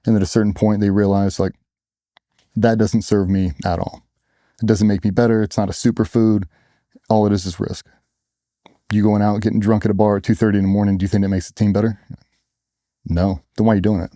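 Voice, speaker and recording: A man's voice: fairly low pitch, level tone, a little fast, pauses often, warm tone, no room sound, clean studio sound. A middle-aged man, a former special operations sailor, telling blunt and profane stories in a casual interview. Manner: blunt, profane storytelling with acted-out quotes.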